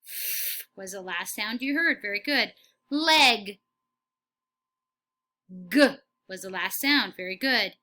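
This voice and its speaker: A woman teaching a phonics lesson to young children, speaking slowly and clearly and giving steady encouraging praise. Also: mid-range voice. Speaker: kindergarten teacher.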